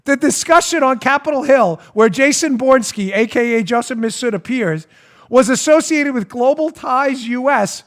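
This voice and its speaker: A man hosting a political talk show, sarcastic and laughing, swinging from loud jabs to hushed asides. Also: very high voice, normal speed. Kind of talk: animated political commentary.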